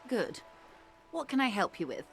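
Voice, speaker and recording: An actress playing a composed, formal middle-aged negotiator in a video game, speaking with measured, precise diction. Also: female voice, mid-range voice, sing-song, creaky, faint music behind.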